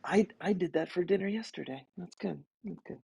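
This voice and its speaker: A man's voice: sits high, brisk, gravelly, mellow, husky, dry recording. A man hosting a video call, friendly and laughing as he welcomes people. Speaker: host. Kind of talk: casual chat.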